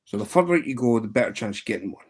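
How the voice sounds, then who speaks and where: A man's voice: fairly low pitch, expressive, racing, husky. Chatty man hosting a fly-tying livestream. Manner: chatty, answers viewer questions and tells jokes. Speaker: livestream host. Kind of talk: casual livestream chat while fly tying. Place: indoors at a tying bench.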